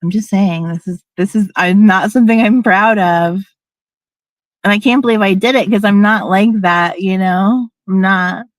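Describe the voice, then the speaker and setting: A woman's voice: mid-range voice, normal speed, no echo. A middle-aged woman telling a personal story in a candid, emphatic, casual way, now and then swearing and acting out what people said.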